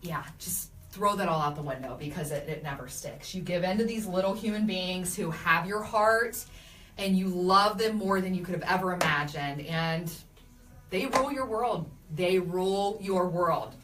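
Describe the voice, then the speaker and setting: A young adult woman hosting a casual live video, reading viewer comments and telling animated stories about her kids. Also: lowish voice, moderate pace, roomy sound, recorded from a distance. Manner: chatty, animated storytelling with laughs. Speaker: radio host doing a live video.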